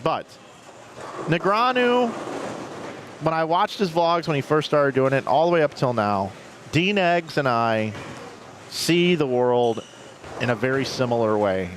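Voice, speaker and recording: A man's voice: on the high side, lively intonation, unhurried, long pauses, a little hiss or hum. A man commentating a live bowling stream, rambling through chatty stories between play calls.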